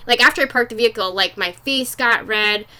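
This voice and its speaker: A woman's voice: fairly high pitch, brisk, sharp tone. A young adult woman hosting a podcast, telling a personal story in a candid, casual way, swearing freely and filling with "like". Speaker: podcast host.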